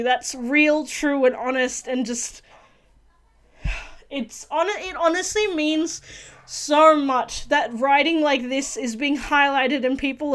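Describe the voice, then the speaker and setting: A woman's voice: high-pitched, fairly bright tone. A woman hosting a casual video reaction review, talking earnestly and gushingly with many restarts and fillers. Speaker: reaction channel host.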